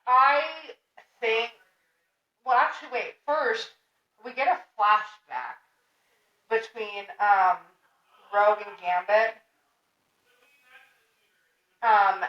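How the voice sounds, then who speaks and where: A young woman co-hosting a podcast, recapping a comic in animated, casual talk, laughing and swearing freely. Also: medium pitch, very slow, long pauses. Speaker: podcast co-host. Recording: roomy, distant, dull lo-fi sound.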